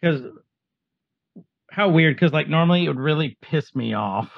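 A man's voice: fairly high pitch, lively intonation, moderate pace, vocal fry, no room sound. A man co-hosting a podcast, chatting enthusiastically about a movie he enjoyed. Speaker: podcast co-host. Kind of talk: casual movie recap chat. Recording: dull, dry sound.

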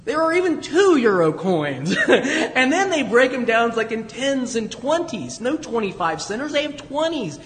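High-voiced man preaching in a reverberant hall. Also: sing-song, unhurried, hardly any pauses, fairly bright tone, slight background noise. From United States. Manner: conversational storytelling with chuckles. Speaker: pastor. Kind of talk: sermon.

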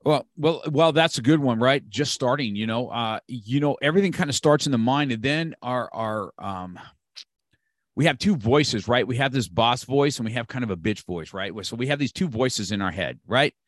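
A man's voice: medium pitch, normal speed, dry recording, clean studio sound. A man around sixty from California, a martial arts instructor talking as a guest, emphatic and repeating key phrases to motivate. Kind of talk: motivational conversation.

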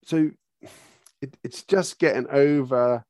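A man's voice: medium pitch, steady tone, takes it slowly, darkish tone, dry recording, studio quality. A man, a horse trainer answering interview questions, talking eagerly and acting out little bits of dialogue as he explains.

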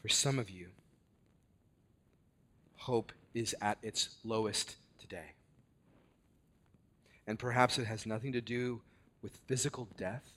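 A man preaching a sermon with earnest, deliberate delivery and dramatic emphasis. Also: on the low side, steady tone, bright, forceful tone.

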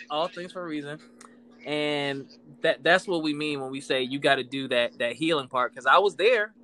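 Bright-voiced man in candid casual talk. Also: fairly high pitch, slight background noise. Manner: candid, profane, storytelling with laughs.

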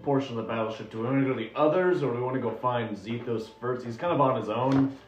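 A man playing a tabletop game in a gruff, low put-on voice, chatting casually. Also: fast. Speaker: player. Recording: roomy, dull sound with faint music.

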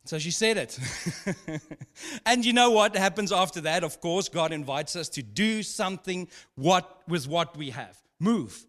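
A pastor preaches in a high, light voice, mixing scripture with funny family stories. His delivery is casual and conversational. The sound carries a long reverb from a large hall. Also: animated, a little slow, fairly bright tone. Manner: conversational, humorous storytelling with laughs. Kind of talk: sermon.

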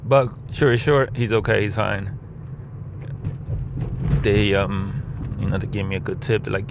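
Man, gravelly low voice, rambling profane story, rideshare driver, in the car, faint road hum. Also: a little slow, pauses often. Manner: rambling, profane, animated quotes. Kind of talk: casual storytelling.

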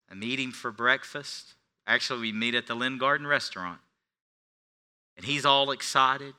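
Man, middle-aged pastor, sermon, very bright tone, hushed to booming delivery. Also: normal speed, smooth. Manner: swings from hushed confession to loud preaching.

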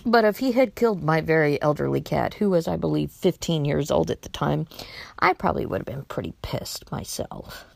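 A woman telling a personal anecdote in a sardonic, wry and animated way. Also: deep voice, moderate pace, gravelly.

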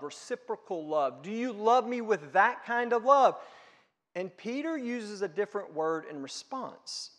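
A man's voice: high voice, big pitch swings, a little slow, a bit bright, in a large hall. A man pastor delivering a sermon, earnest and conversational, asking rhetorical questions.

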